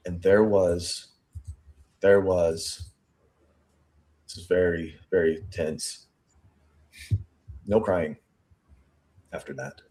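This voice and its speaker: On his true crime show, a man whose voice sits somewhat low goes over a witness statement in pieces, reading the quotes aloud. He reasons out loud, repeating and restarting phrases while searching for words, slow on the quoted lines and rushed in his commentary.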